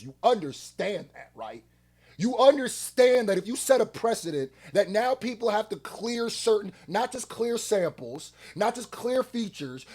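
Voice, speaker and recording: Male reaction host, heated and profane, slightly high voice, big swings from loud rants to quiet asides. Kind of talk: reaction commentary.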